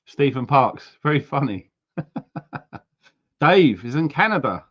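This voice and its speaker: A man's voice: medium pitch, very animated, drawn-out words, long pauses, fairly bright tone, dull audio. A man hosting a casual livestream, greeting viewers by name and place in a chatty way with frequent ums. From United Kingdom. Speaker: livestream host.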